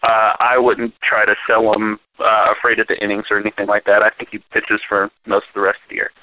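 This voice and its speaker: A man from the United States calling into a sports podcast as a guest, halting with fillers and dry quips. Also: fairly low pitch, completely flat delivery, slight background noise. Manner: hesitant, lots of uh fillers, dry wit. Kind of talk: casual podcast chat. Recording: tinny phone line.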